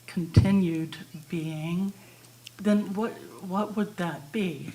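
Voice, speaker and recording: A woman's voice: lowish voice, fairly even intonation, very slow, warm tone, a little hiss or hum, low-quality recording. A woman from the audience asking a question into a handheld mic, hesitant and searching for her words. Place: ashram hall at a live retreat.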